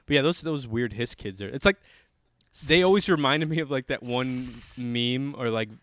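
A man's voice: medium pitch, normal speed, fairly bright tone. A young man hosting a podcast, bantering casually with fillers and swearing. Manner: joking, profane, loose with fillers. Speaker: podcast host.

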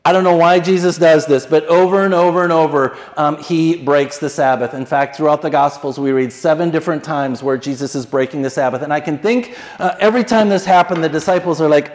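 A man preaching a conversational, animated sermon and acting out the quoted voices. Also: high-pitched, normal speed, rough recording. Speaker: pastor.

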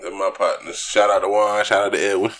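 A man's voice: deep voice, level tone, fast, a bit bright, slight background noise. A young man co-hosting a podcast in casual chat, loose and joking, laughing often and swearing casually. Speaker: podcast co-host.

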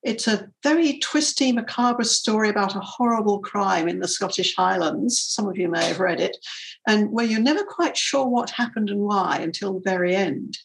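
A woman's voice: medium pitch, normal speed, gravelly, low-quality recording. A woman interviewer giving an enthusiastic, prepared introduction of a guest author. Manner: enthusiastic, warmly admiring.

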